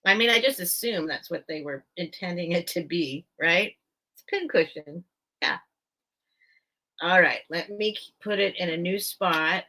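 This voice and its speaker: Speaking unhurriedly in a lowish voice that sounds pushed and bright, a woman sells vintage items in a casual livestream from home. She chats with her viewers and thinks aloud as she goes.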